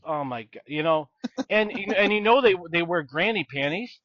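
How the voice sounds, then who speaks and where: A man's voice: a little high, expressive, moderate pace, fairly bright tone, no room sound, muffled recording. A man co-hosting a podcast, rambling and blunt as he chats about films. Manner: rambling, emphatic, blunt complaints. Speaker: podcast co-host. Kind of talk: casual film discussion.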